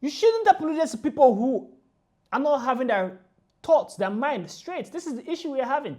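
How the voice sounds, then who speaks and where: A woman ranting through a reaction video, emphatic and indignant, repeating her points forcefully. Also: sits high, big pitch swings, brisk.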